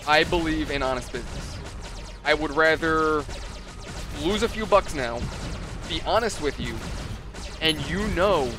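A man's voice: on the high side, a little slow, long pauses, music in the background. A man hosting a gaming video, chatting casually and swearing freely as he tells a story and acts out the customers. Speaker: gaming channel host. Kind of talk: casual story-telling over gameplay.

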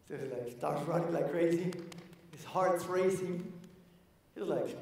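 Energetic male keynote speaker in an echoey hall. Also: mid-range voice, brisk, vocal fry, far from the mic. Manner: energetic, storytelling, addresses the audience directly. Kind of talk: motivational conference talk. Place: large conference hall.

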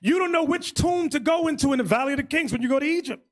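A man preaching as bishop in an emphatic, loud sermon style. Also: very high voice, lively intonation, quick pace. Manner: loud, emphatic, shouting at peaks. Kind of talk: animated sermon teaching.

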